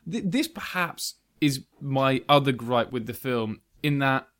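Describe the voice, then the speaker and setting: A man's voice: medium pitch, animated, measured pace, fairly bright tone. Giggly male podcast host. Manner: enthusiastic, giggly recapping. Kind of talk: casual film review chat.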